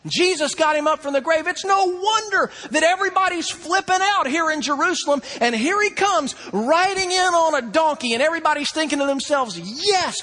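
A man preaching a sermon, acting out crowd voices and swinging between loud excitement and hushed intensity. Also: very high-pitched, fairly quick, few pauses. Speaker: pastor.

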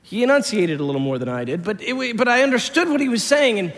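A man playing a middle-aged former shepherd who tells his story in a halting, heartfelt way. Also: sits high, animated, a bit bright, full character voice. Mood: awed. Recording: long hall reverb.

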